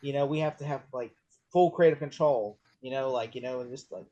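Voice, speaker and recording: A man chatting casually about a movie, rambling with lots of fillers and getting excited as he retells scenes. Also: medium pitch, brisk, highs cut off. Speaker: podcast co-host.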